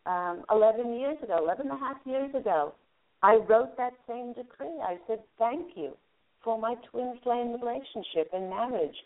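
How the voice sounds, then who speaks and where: A woman radio host giving a call-in angel card reading, gently guiding the caller through a visualization. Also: a little high. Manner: soothing, guiding, talks listener through a visualization. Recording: narrow phone-line sound.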